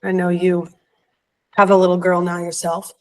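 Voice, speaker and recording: A woman in her thirties, a podcast guest, telling a heartfelt personal story and growing animated as she retells it. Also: lowish voice, moderate pace, low-quality recording.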